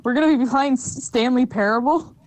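A woman chatting casually on a gaming stream, jokey and quick to laugh. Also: high voice, a little mellow, poor audio. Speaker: stream co-host.

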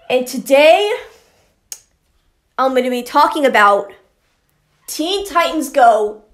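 A woman hosting her channel, giving an exasperated ranting commentary and repeating herself a lot. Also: sits high. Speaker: channel host. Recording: roomy echo.

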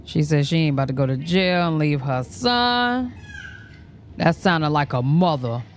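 A woman's voice: low-pitched, lively intonation, measured pace, a little hiss or hum. A woman hosting a reaction stream, giving candid, slangy, outspoken commentary in a casual way. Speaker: reaction channel host.

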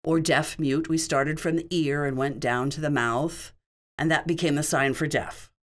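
In a low-pitched, steady voice at normal speed, a woman interprets a signed question-and-answer session aloud. Her delivery comes in short spoken phrases, casual and explanatory.

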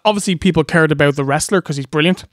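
A man's voice: a little high, fast talker, no room sound, clean studio sound. A man co-hosting a podcast, bantering and mocking with rambling asides. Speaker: podcast co-host. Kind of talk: casual banter.

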